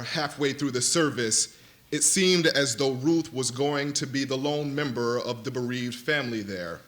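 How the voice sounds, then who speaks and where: A man on a panel reading a novel excerpt aloud in an expressive, dramatic style, slowing down for vivid images. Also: mid-range voice. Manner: dramatic, varied delivery that slows for vivid images. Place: university lecture event.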